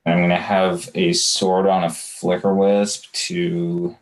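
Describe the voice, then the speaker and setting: A man with a low voice plays a tabletop card game. He thinks out loud, pausing and hesitating as he works through each move. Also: level tone. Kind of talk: casual tabletop play talk.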